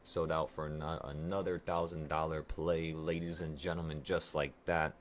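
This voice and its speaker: A man who is sick, excitedly and profanely talking viewers through his live trades and cursing at himself. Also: a bass voice, normal speed, faint music behind. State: sick, voice affected by illness. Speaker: trading vlogger. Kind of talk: live trading commentary to viewers.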